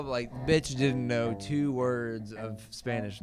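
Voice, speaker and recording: A man's voice: medium pitch, a little slow, loud music behind the voice. A man telling a crude, rambling comic story in a casual podcast chat.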